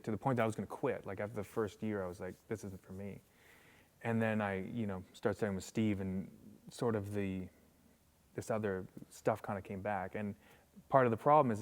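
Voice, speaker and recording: A man talks through his memories in a relaxed interview, his voice sitting on the low side. He jumps into acted-out voices of the people in his stories and leans on "like" and "you know" as he goes. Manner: animated, acts out voices in anecdotes, many fillers. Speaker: guest musician. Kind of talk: casual storytelling interview.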